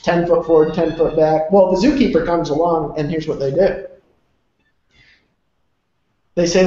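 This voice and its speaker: A man's voice: on the high side, fairly even intonation, moderate pace, darkish tone, slight background noise. Emphatic man in a very echoey room. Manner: emphatic, rambling, salty language. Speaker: motivational speaker. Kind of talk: motivational talk. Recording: very echoey, dull lo-fi room sound.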